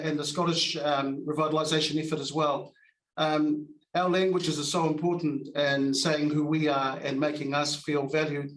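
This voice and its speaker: A man's voice: on the high side, a bit bright. New Zealand man speaking at an awards event. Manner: informal, self-deprecating, with many fillers. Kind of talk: acceptance speech in Māori and English. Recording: echoey, from far off.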